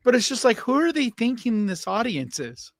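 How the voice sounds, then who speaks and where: A man's voice: very high voice, sing-song, moderate pace, dry recording. A man co-hosting a casual live-stream podcast, blunt and opinionated and swearing casually. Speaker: podcast co-host.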